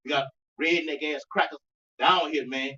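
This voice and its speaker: A man reading scripture verses aloud and backing up the preacher with quick agreement. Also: a little high, steady tone, sharp tone, slight background noise. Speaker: scripture reader. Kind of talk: reading scripture in a street teaching. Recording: distant dull recording.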